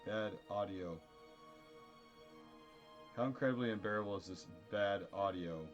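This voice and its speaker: A man chatting casually with viewers on a live stream, animated, joking and mocking himself. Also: on the low side, a little slow, highs cut off, faint music behind.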